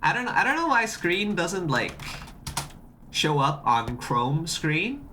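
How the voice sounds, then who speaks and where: Streamer, animated pitch, bright tense tone, casual stream chat, repeats itself. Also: takes it slowly, a little hiss or hum. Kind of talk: casual live-stream chat demoing a project.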